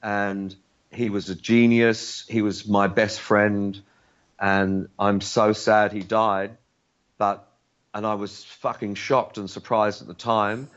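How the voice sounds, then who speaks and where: A man's voice: fairly low pitch, little pitch movement, slow, lo-fi sound. An older Australian man, a musician guest, telling blunt, profane stories in a casual interview. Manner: blunt, profane storyteller who acts out voices.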